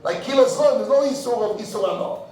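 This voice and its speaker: High-voiced rabbi teaching talmud, super echoey room, keeps repeating words, tosses in hebrew terms. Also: male voice, animated, fast talker, darkish tone. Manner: mixes Hebrew and Yiddish terms, repeats words while thinking. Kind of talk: in-depth Talmud lecture.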